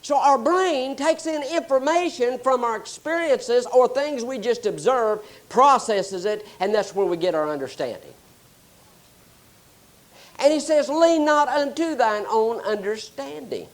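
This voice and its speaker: A man preaching a sermon, explaining scripture and telling animated stories. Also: extremely high pitch, measured pace. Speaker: pastor.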